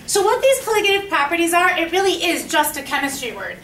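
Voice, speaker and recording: A woman teaching high school chemistry in a classroom lecture. She asks the class questions and repeats their answers back to them. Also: sing-song, fast, a bit bright, a little hiss or hum. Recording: echoey classroom, mic at a distance.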